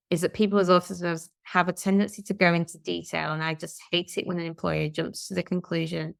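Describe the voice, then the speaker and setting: Low, gravelly woman co-host. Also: no room sound, studio quality. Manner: chatty, reads and comments on articles. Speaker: podcast co-host. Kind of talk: casual discussion, reading out news stories.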